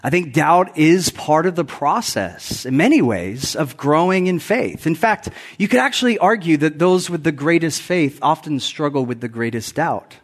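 A man's voice: a little high, expressive, normal speed, few pauses. A man in his forties, a guest pastor giving a conversational sermon with self-deprecating humor, often chuckling at his own stories. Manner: acts out quotes with raised voice. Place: church sanctuary.

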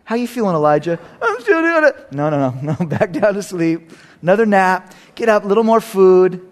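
High-voiced pastor preaching with animated storytelling. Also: male voice, brisk. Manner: animated storytelling, acting out characters; swings between loud emphasis and quiet asides. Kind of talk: sermon.

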